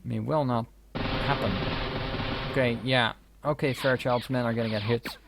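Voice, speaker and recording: Guy muttering dry commentary over a war game, mid pitch, faint keyboard clicks behind. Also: fairly even intonation, moderate pace, gravelly, background noise. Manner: wry, muttering, swears now and then. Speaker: let's play host. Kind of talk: casual gameplay commentary. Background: keyboard and mouse clicks.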